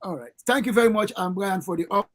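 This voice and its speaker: Hesitant Krio-accented radio host. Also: mid-range voice. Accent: Sierra Leonean Krio. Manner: halting questions with frequent hesitations. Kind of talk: radio interview.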